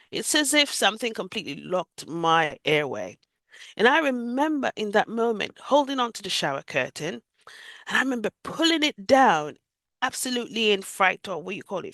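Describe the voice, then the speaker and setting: Woman, interview guest, lively swinging pitch, dry close sound, vivid emotional storytelling. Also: no echo. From Jamaica. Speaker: guest sharing a near-death experience.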